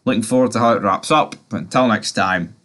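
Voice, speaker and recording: Young guy, lowish voice, rambling chatty TV-episode recap with fillers and swearing. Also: fairly quick, fairly bright tone. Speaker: TV series reviewer. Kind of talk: casual episode recap and review.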